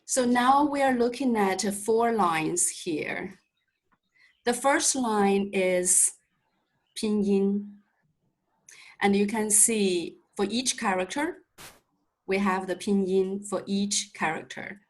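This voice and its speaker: A woman's voice: medium pitch, slow pace, poor audio. A woman teaching a Mandarin lesson over a video call, explaining patiently step by step with light humor. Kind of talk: online language lesson.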